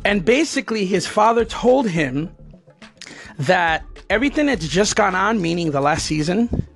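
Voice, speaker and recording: A man, a former alligator wrestler, telling a personal story in a rambling, digressive way. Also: high voice.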